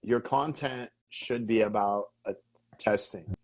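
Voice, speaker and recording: A man giving business-coaching advice as a guest in a casual interview, energetic and emphatic, who keeps checking in with "okay?" and "right?". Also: lowish voice, slow pace.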